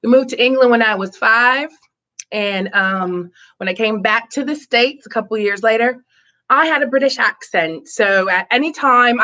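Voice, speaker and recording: A woman's voice: medium pitch, pushed and bright. A woman who was born in Boston and raised in Tampa, Florida, chatting casually in her living room by the fire on a live stream. She reads viewer comments aloud, laughs often and talks with lots of fillers.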